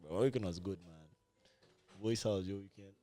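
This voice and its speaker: A man's voice: sits low, a little fast, warm tone, no room sound. A man hosting a podcast in casual chat, laid-back, laughing often and saying "bro" a lot. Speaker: podcast host.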